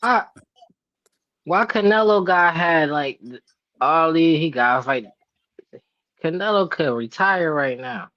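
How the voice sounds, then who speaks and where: A man's voice: on the high side, animated, slow, pauses often, bright, forceful tone, dry recording, muffled recording. A man on a boxing talk panel who chimes in with short teasing remarks. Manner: short teasing interjections, laughs often.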